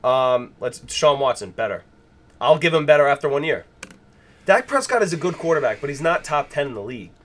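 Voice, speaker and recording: A man's voice: fairly high pitch, very animated, fairly quick. A young man co-hosting a casual sports podcast, confidently teasing his co-host in a dry manner.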